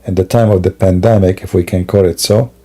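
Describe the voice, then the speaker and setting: A man's voice: low-pitched, steady tone, brisk, mellow. A sleepy man talking to his live-stream audience at home at night, rambling, with broken grammar and many fillers. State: sleepy and yawning. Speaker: Christian apologist streamer. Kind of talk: casual live-stream monologue.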